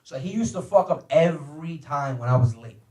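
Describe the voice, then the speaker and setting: A man telling profane, animated stand-up stories about his family and acting out their voices. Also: a little high, moderate pace. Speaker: comedian guest telling stories. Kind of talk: stand-up storytelling. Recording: roomy, far from the mic.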